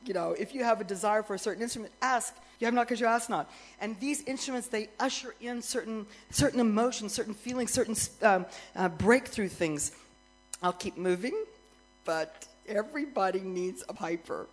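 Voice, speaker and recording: A middle-aged woman worship minister telling a lively story as part of a sermon, getting more excited and louder as it goes. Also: mid-range voice, moderate pace, rough recording. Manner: animated storyteller, grows excited and loud, laughs.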